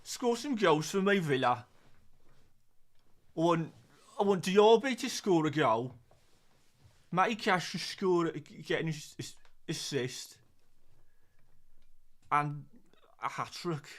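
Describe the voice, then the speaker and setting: A man putting on a clumsy regional accent as an excitable football fan cheering his team. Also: a little high, takes it slowly, long pauses, pitched above the performer's own voice. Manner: rough, half-failed accent attempt, cheering.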